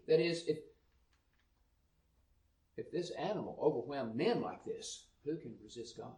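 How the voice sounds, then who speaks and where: A man's voice: mid-range voice, expressive, unhurried, creaky, long pauses, warm tone, echoey room, far from the mic, poor audio. A man teaching from the Bible, reading verses aloud with rising emphasis and then explaining them. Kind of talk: sermon-style Bible teaching.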